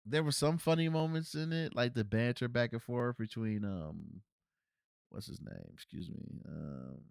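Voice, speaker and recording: A man's voice: a little slow, gravelly, clean tone, no room sound, clean studio sound. A man hosting a casual solo movie review podcast, rambling with restarts and fillers. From Cincinnati, US. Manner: rambling, frequent restarts and fillers, animated swings in pitch.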